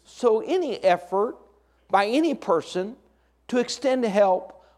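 A middle-aged male pastor preaching a sermon, moving between hushed, intimate lines and raised, emphatic points, with folksy humorous asides. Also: high-pitched, lively intonation, takes it slowly.

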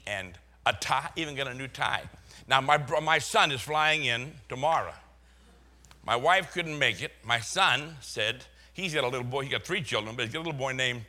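A man's voice: mid-range voice, sharp tone. An older man, a guest speaker at a church, telling casual rambling stories with chuckles and self-corrections.

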